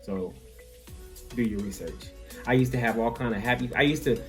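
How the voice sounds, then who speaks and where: Animated young man telling a story. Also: mid-range voice, moderate pace, over music. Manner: animated, filler-heavy, lots of "like". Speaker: vlogger. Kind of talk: comic storytime narration.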